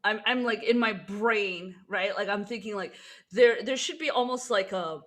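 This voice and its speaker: A woman's voice: mid-range voice, normal speed, fairly bright tone. A woman taking part in a workshop, asking a question candidly and thinking aloud with many fillers. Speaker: workshop participant.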